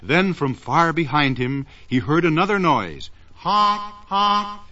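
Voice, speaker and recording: A man's fairly high, slightly bright voice carries a sing-song rhythm as he reads a children's story aloud, stretching words to emphasize them. The old recording sounds dull and lo-fi.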